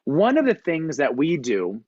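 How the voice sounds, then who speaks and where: A male performance coach tells a story during a motivational video-call talk. His voice sits a bit high and swings widely in pitch. The audio is dry and dull, with a lo-fi call quality. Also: unhurried, breathy edge, no room sound. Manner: storytelling, animated, acts out quotes. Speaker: performance coach, guest speaker.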